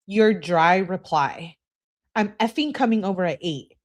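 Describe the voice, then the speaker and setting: A woman's voice: lowish voice, expressive, measured pace. A woman reading aloud the text messages of a pushy young woman to her boyfriend, in a demanding tone, with curse words spelled out as letters.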